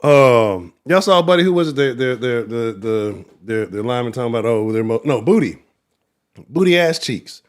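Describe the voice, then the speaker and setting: A man's voice: mid-range voice, normal speed. Profane, ranting man hosting a sports show. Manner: profane, animated, trash-talking rants. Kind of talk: casual livestream sports commentary.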